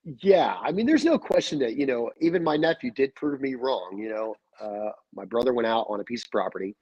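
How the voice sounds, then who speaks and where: A man's voice: medium pitch, fairly quick, husky, no room sound, muffled recording. A man talking casually as a guest, telling stories and acting out the quoted back-and-forth. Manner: animated storyteller, acts out quoted dialogue. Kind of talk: casual chat. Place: call-in or remote line.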